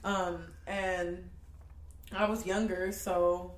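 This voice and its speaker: A young woman with a slightly low voice co-hosts a podcast. She talks frankly and teasingly and laughs easily. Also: level tone, very slow. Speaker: podcast co-host. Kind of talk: candid casual chat.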